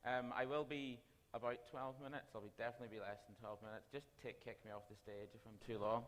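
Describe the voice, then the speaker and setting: A man with a Belfast accent giving a conference talk as a university dean, talking fast and quizzing the audience. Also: mid-range voice, little pitch movement, a little hiss or hum. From Northern Ireland. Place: lecture hall. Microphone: stage microphone. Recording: reverberant hall.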